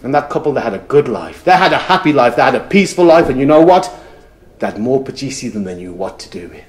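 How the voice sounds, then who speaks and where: A male storyteller recounts a folk tale with a rhythmic, repeating cadence. His voice sits at a middling pitch and sinks into hushed murmurs at tender moments. He tells it live, straight to camera. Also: sing-song, fast talker. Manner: rhythmic, repeating phrases, dropping to soft murmurs.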